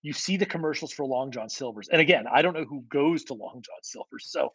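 A man from the United States co-hosting a comedy podcast, chatty and quick to laugh as he riffs on tangents. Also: mid-range voice, expressive, a bit bright, rough recording. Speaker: podcast co-host. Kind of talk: casual comedic chat.

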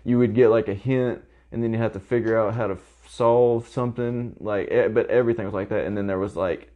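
A man with a country Southern accent, talking casually and haltingly as a podcast co-host. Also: on the low side, fairly even intonation, warm tone. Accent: Southern American, country. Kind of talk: casual chat.

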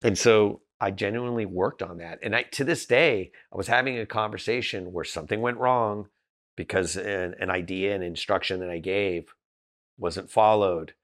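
A man's voice: fairly low pitch, normal speed, fairly bright tone. A man from Southern California, a podcast guest telling candid stories in a blunt, direct way, often restarting his sentences. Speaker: podcast guest, business founder. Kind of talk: candid casual storytelling.

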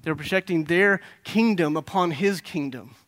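Male pastor, high bright voice, animated sermon with storytelling and rhetorical questions. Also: moderate pace.

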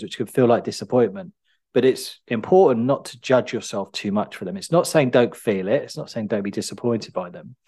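Male, low-pitched, calm reflective self-help talk, conversational storyteller.

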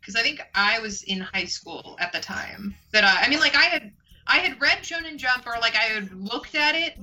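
A woman's voice: on the high side, bright, forceful tone, rough recording. A woman in her thirties chatting casually on a podcast, rambling with fillers. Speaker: podcast co-host. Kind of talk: casual chat.

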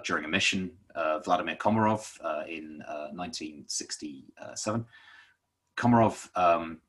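A man's voice: low voice, fairly bright tone, slightly rough. A man explaining a topic in casual conversation, rambling with lots of fillers and restarts.

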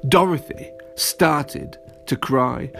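A man narrating a children's story, animated and playful, speaking straight to young listeners. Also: a little high.

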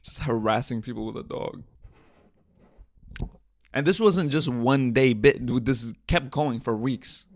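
A young man hosts his own podcast, talking off the cuff with crude, irreverent jokes. His voice carries a gravelly fry at mid pitch. The sound is dry and close to the mic. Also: a little slow, pauses often, dry recording. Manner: joking, irreverent, swears a lot, laughs at own bits. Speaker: podcast host. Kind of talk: casual solo podcast rant.

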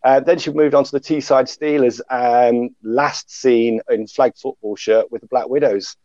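A man's voice: medium pitch, steady tone, moderate pace, a little mellow, no room sound. Man, podcast host, casual chat, self-deprecating, dull lo-fi recording. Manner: self-deprecating, many fillers and restarts. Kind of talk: casual hosted panel chat.

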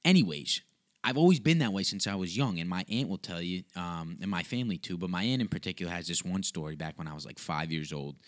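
Young man, very low voice, casual solo podcast, joking, swears a lot, USB mic. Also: quick pace, no echo, studio quality. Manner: joking, profane, rambling. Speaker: podcast host and comedian. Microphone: USB microphone.

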